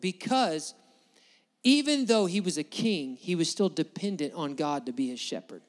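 A man's voice: high voice, in a large hall. A man preaching a sermon as pastor, emphatic and building his points through repetition. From United States.

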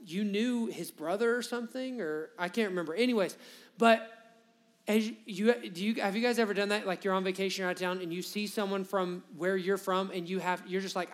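Young pastor from Alabama, high-pitched male voice, loose storytelling sermon delivery. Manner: casual storytelling preaching, rambling asides. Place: church sanctuary with a congregation.

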